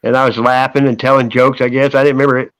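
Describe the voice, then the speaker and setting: A high-strung man chatting casually on a livestream, rambling from one story to the next and laughing often. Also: level tone, fast talker, fairly bright tone, no echo, rough recording. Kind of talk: casual chat.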